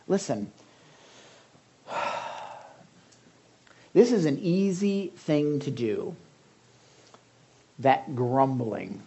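A man's voice: mid-range voice, extremely slow, gravelly, pauses often, warm tone, husky, lo-fi sound. A male pastor giving a conversational sermon, calling on listeners by name.

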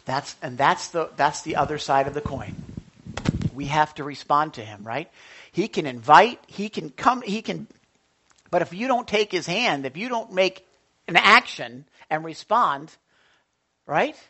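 An animated pastor preaching in a church, voice pitched in an ordinary middle range. The delivery keeps turning to the congregation with questions, then answering them. It is a lively, call-and-response sermon style. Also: measured pace, breathy edge.

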